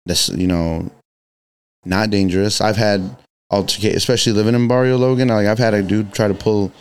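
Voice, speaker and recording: Podcast guest, man from Chicago, low smooth voice, laid-back slangy delivery. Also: steady tone, a little fast. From Chicago, USA. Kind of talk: casual chat.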